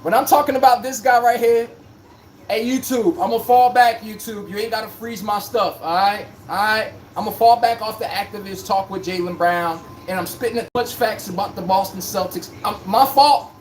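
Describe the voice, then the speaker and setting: A man's voice: high voice, moderate pace, a little hiss or hum. A man hosting a live sports stream, talking in a joking, rambling, slangy way. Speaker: livestream sports podcast host. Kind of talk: casual live-stream chat.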